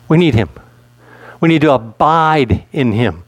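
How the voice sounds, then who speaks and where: A man's voice: medium pitch, expressive, measured pace, long pauses, no room sound. A male pastor preaching a sermon in a conversational way, asking his listeners questions.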